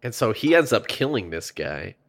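A man's voice: lowish voice, sing-song, normal speed. A man co-hosting a casual podcast, talking in a wry, sarcastic way. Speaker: podcast co-host. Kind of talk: casual chat.

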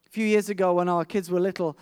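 A man's voice: high voice, steady tone, quick pace, a little mellow, clear, resonant tone, dry recording, studio quality. A middle-aged man preaching a sermon, telling a vivid personal story with frequent restarts.

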